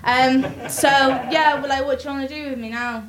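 A woman's voice: sits high, steady tone, moderate pace. A woman doing a sarcastic satirical stand-up bit before a live audience. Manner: sarcastic, mock-conservative persona. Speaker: stand-up comedian. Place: live comedy venue with laughing crowd. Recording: echoey room, loud crowd noise.

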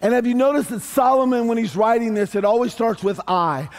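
A middle-aged man preaching a sermon as a pastor, conversational and animated, with humorous asides to the congregation. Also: extremely high pitch, fairly quick.

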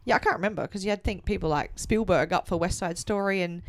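A woman co-hosting a casual podcast, talking at an ordinary middle pitch. She chats freely and acts out little quoted asides as she retells things. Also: fast talker. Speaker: podcast co-host. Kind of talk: casual chat.

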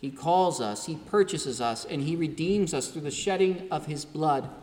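A male pastor delivering a sermon in a measured preaching cadence, building lists and rhetorical questions. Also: a little high, a little mellow, long reverb tail.

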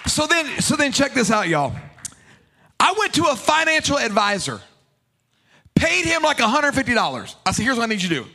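A male pastor preaching a sermon in an animated, playful way, joking back and forth with the congregation. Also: very high-pitched, brisk.

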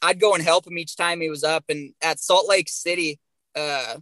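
A young man, a bull rider guest on a podcast, telling stories in an animated way and swearing constantly. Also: on the high side, normal speed, no echo, poor audio. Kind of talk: profane storytelling on a podcast.

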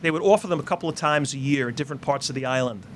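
A man's voice: medium pitch, rapid-fire, a little hiss or hum. A Catholic priest in his fifties giving a sermon in a casual, conversational storytelling way, full of fillers and asides. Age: 50s.

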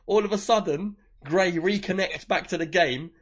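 A man's voice: high-pitched, normal speed. A man, telling a gaming story in casual podcast chat and acting out the other players. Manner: animated storyteller, acts out others.

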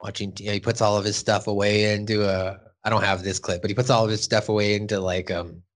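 A man's voice: lowish voice, level tone, fast. A male podcast host recapping a cartoon episode in loose, casual chat. He rambles, restarts, and drops fillers and the occasional curse word.

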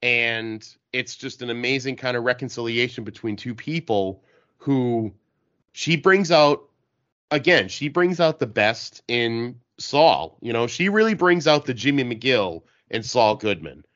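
An enthusiastic man talks casually on a podcast panel, halting with fillers and breaking off for hiccups. The audio is dull and lo-fi. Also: medium pitch, lively intonation, fairly bright tone. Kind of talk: casual chat.

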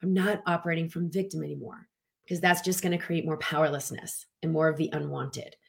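Casting note: woman coach, lower-pitched voice, talking animatedly and casually to an online audience. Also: a little fast, creaky. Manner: animated, chatty, lots of "like" and acted-out quotes. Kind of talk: motivational talk to an online audience.

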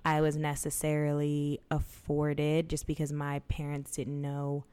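Young woman w a real low voice, chatting casual and blunt, swears a lot. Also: monotone, measured pace, mellow, smooth. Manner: candid, swearing, acts out quotes. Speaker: podcast co-host. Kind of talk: casual chat.

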